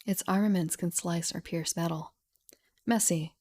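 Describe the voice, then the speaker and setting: Husky low-voiced woman, half-whispering. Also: fairly even intonation, measured pace. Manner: soft and half-whispered, chatty asides. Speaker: streamer. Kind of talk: soft-spoken reading of a game rulebook. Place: at home. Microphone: studio mic with pop filter.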